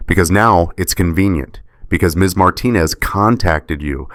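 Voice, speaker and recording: Stern female judge, measured and steady, read by a man, very low voice, dry sound. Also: no room sound. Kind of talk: scripted story narration.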